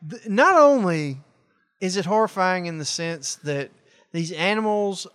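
Brief: male podcast co-host, high bright voice, profane and rambling, dry close sound. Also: measured pace, clean tone, no room sound. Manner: profane, rambling, animated storytelling. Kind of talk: casual chat.

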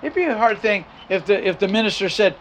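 An older male pastor preaches in a fairly high voice, hammering his key phrases again and again. His sentences often restart before he drives the point home. A faint hum of room ambience sits behind him. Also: animated, fast, fairly bright tone. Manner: emphatic, repeats key phrases, frequent restarts. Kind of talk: sermon with personal story.

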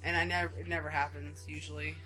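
A woman's voice: sits low, little pitch movement, fast talker, bright, forceful tone, faint music behind. A woman in her thirties chatting casually and animatedly, full of "like" fillers. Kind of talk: casual chat.

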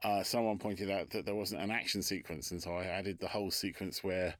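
Chatty North London man, low voice. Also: flat delivery, a bit bright, no echo, clean studio sound. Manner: chatty, self-deprecating, quick asides. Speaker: author being interviewed. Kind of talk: casual interview chat.

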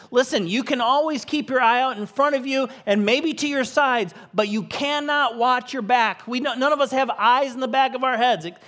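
A man's voice: high voice, a bit bright. A man in his forties, a co-lead pastor, preaching a sermon to his congregation with earnest, emotional personal stories. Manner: earnest, emotional storytelling with rising emphasis. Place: church stage before a congregation.

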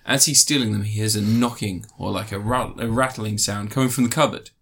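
A man casually recapping and reviewing a film, rambling with fillers, sarcastic asides and quick mock voices. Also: lowish voice, fairly bright tone, slight background noise.

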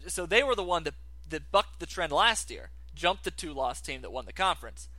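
Bright-voiced man arguing sports. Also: a little high, sing-song, normal speed, no echo. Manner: argumentative, lays out cases step by step. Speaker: sports talk co-host. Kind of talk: casual sports debate.

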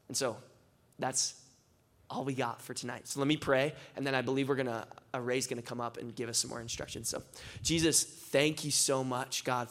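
A man's voice: medium pitch, a bit bright. Young man telling testimonies, filler-heavy. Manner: casual, filler-heavy storytelling with many "like"s; rising, impassioned closing prayer. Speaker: speaker at a church gathering. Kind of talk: testimony sermon.

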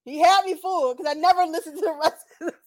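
A woman co-hosting a podcast in casual chat, giggly and animated, often breaking into exclamations. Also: extremely high pitch, quick pace. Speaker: podcast co-host.

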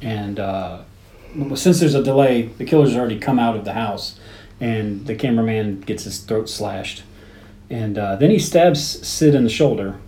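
A man co-hosting a podcast, walking through a film's plot step by step with casual pauses. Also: on the low side, dark tone. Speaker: podcast co-host. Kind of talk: casual chat, recapping a film. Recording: echoey room, faint background noise.

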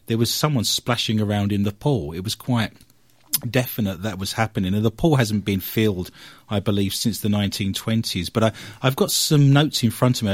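A man hosting a radio show, recounting a paranormal investigation as an animated storyteller who works through his notes. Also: fairly low pitch, no room sound. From England.

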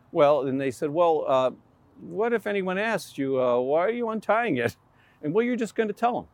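Lively, high-voiced male preacher. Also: no echo. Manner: animated storytelling preacher, acts out crowd voices. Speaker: pastor. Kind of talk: sermon.

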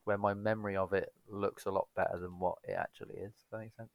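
Gravelly, low-voiced man chatting. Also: level tone, fast, no room sound. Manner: rambling, self-correcting, laid-back. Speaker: podcast co-host. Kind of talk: casual chat.

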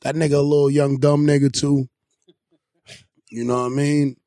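A man hosting a podcast, telling stories in an animated, joking way. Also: on the high side, normal speed, no echo, studio quality. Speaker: podcast host. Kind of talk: casual interview banter.

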